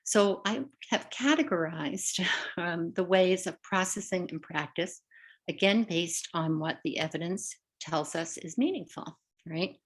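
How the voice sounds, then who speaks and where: A woman's voice: on the low side, a little slow. An older woman, a literacy educator, giving a webinar lesson over a video call, chatty and checking in with her listeners often. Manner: conversational, checks in with "right?" and "all right". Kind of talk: webinar teaching presentation.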